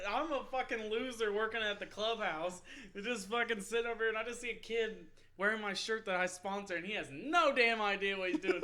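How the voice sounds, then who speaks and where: A young man co-hosting a sports podcast, telling stories in casual, profane banter and laughing often. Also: high-pitched. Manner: profane, laughing, animated storytelling. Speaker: podcast co-host.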